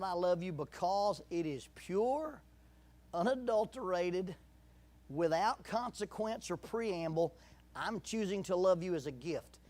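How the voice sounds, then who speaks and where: A middle-aged man preaching a sermon in a church, emphatic, repeating key phrases and leading the congregation in call-and-response. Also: high voice.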